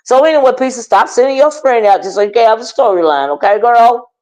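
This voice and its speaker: A woman's voice: fairly high pitch, fast, poor audio. A woman hosting a casual commentary stream, chatting with her live viewers by name and reacting to online drama. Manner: chatty, animated, talks to her chat by name. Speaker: commentary channel host.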